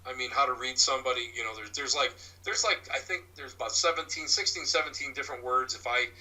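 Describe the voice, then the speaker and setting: A man who works as a psychic medium and teaches mediumship, telling rambling stories in a halting way, often restarting his words. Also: mid-range voice, bright, forceful tone, recorded from a distance, low-quality recording. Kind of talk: rambling anecdotal storytelling.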